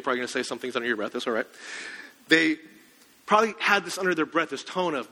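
High, bright-voiced preacher. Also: male voice, rapid-fire, big-room sound. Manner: conversational, asks the congregation questions. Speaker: pastor. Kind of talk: sermon.

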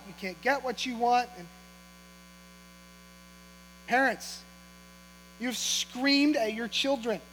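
A man with a very high voice delivers a sermon in a church auditorium, talking in a loose, joking way and prodding the congregation with questions. His voice rings out with a long hall reverb, and a faint mains hum sits underneath. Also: a bit bright. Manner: conversational and humorous, teasing the congregation with questions. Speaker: pastor.

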